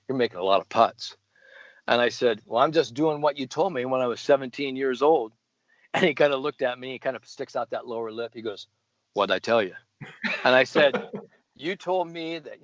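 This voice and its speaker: A middle-aged American man, a sports psychologist, telling a folksy story with animated asides and laughs. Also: medium pitch, dry recording, lo-fi sound. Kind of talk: casual storytelling.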